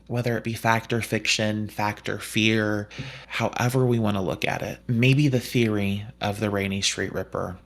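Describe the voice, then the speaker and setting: A man co-hosting a true crime podcast, narrating a case in a measured, deliberate way and then chatting with his co-host. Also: fairly low pitch.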